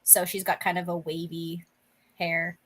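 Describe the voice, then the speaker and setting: A woman's voice: lowish voice, level tone, unhurried, fairly bright tone. A young woman as game master, describing a scene in a tabletop game in a rambling way, full of fillers and restarts.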